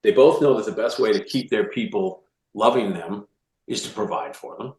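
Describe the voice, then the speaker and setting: A low-pitched man talks through ideas in a casual interview, animated and restless, often restarting and repeating words as he goes. His voice carries a noticeable room echo. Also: normal speed. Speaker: author guest. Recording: roomy echo.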